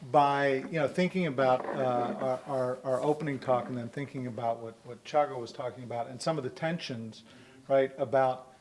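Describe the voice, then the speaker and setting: A man moderating a university panel, asking a question in a halting, hesitant way. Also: mid-range voice. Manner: hesitant, halting, self-interrupting.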